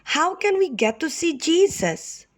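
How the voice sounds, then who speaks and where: A woman voicing a grieving woman in a Bible story for small children, soft and pleading. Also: very high voice, big pitch swings, measured pace, voice pushed up, heavily acted. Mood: longing.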